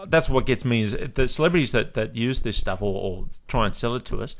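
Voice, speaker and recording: A man's voice: medium pitch, animated, a little fast. A man hosting a casual comedy chat show, bantering playfully and laughing often. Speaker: host.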